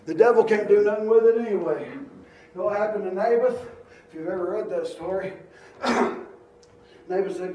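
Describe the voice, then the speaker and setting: A man preaching a sermon, moving between quiet storytelling and shouted exhortation. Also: high-pitched, moderate pace, pauses often, recorded from a distance, lo-fi sound. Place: church. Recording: echoey church hall.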